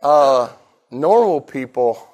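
A man's voice: mid-range voice, takes it slowly. A middle-aged man preaching a sermon, telling a personal story with animation and building to emphatic, repeated lines. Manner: animated storyteller, shouts and laughs in retelling; preaching with rising emphatic repetition. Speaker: pastor.

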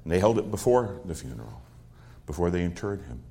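A man's voice: low voice, big pitch swings, brisk, vocal fry, dark tone. A middle-aged man preaching a sermon, expounding a psalm verse by verse and telling stories from his own life in an earnest way. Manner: earnest storytelling with quoted dialogue.

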